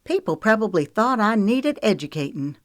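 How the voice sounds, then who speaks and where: A woman's voice: medium pitch, sing-song, moderate pace, no room sound, clean studio sound, pitched above the performer's own voice, lightly acted. A woman voicing a flustered, self-conscious young woman. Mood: embarrassed.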